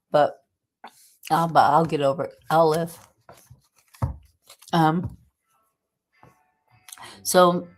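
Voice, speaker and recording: A woman with a Southern US accent hosting a casual livestream at home, congested from a cold, chatty and rambling with lots of ums. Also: sits low. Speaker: livestream host. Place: indoors at home.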